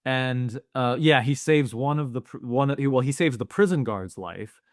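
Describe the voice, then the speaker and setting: Male podcast co-host, mid pitch, earnest rambling style, dry close mic. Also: normal speed, dry recording. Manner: earnest, thinks aloud with many fillers. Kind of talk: casual movie discussion.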